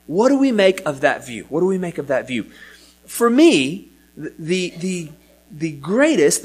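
A man preaching a sermon that teaches from scripture, with an emphatic delivery that keeps rising and falling and now and then repeats a word. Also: high voice. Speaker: pastor.

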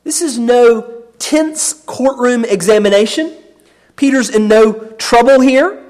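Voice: medium pitch, a little slow, darkish tone. A Bible teacher giving a sermon, explaining a passage with emphasis and often repeating words.

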